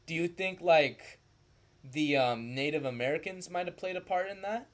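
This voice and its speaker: A man's voice: on the high side, normal speed. A young man co-hosting a casual podcast chat, rambling and joking, often trailing off mid-thought. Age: young adult. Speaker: podcast co-host.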